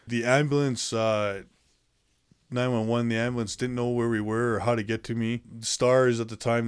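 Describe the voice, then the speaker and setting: A man's voice: on the low side, clean tone. A man being interviewed, recounting events in a plainspoken, matter-of-fact way with many fillers and restarts. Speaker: interview guest. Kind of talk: casual storytelling in conversation.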